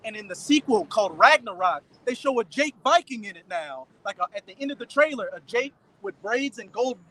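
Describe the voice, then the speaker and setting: A man talking casually outdoors, animated as he explains scripture and old stories. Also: high voice, brisk, low-quality recording.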